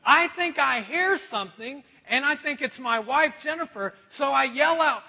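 A middle-aged man preaching a sermon as a pastor, telling a self-deprecating story in an animated way. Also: very high voice, moderate pace, vocal fry, few pauses. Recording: dull sound with long hall reverb.

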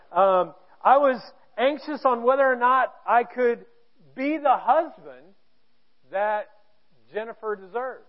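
A man from Indiana preaching a sermon in a church auditorium, candid and self-deprecating, with a joking manner. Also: very high-pitched. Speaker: pastor. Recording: tinny, phone-like narrow sound.

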